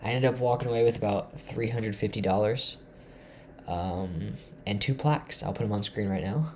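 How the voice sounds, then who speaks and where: A man from Tennessee excitedly walking through his chess game, thinking aloud and swinging between loud bursts and hushed asides. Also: lowish voice, normal speed, slight background noise. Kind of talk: excited game recap to camera.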